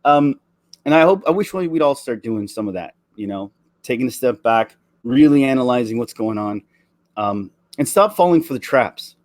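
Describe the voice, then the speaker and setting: A man's voice: medium pitch, animated, darkish tone, no room sound. Guy, 40s, impassioned vlog rant, stop-start delivery, dry close recording. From Canada. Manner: earnest, emotional, halting with many restarts. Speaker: vlogger.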